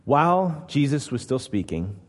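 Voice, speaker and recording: A man's voice: medium pitch, big pitch swings, normal speed. A man preaching a sermon as pastor, emphatic and posing rhetorical questions to his listeners. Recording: long hall reverb.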